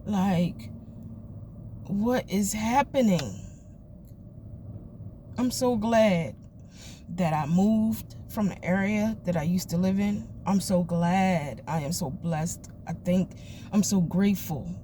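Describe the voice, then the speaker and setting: A woman's voice: lowish voice, unhurried, warm tone, a little hiss or hum. A woman, a mother, venting candidly and emotionally in a personal vlog recorded in her car, swearing freely. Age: adult mother of children. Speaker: vlogger. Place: parked car.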